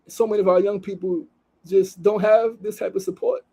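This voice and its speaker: A man's voice: high voice, moderate pace, mellow, husky, rough recording. A man hosting a daily show, talking casually and emotionally, swearing freely and reading a story aloud. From New York City. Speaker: podcast host. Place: studio.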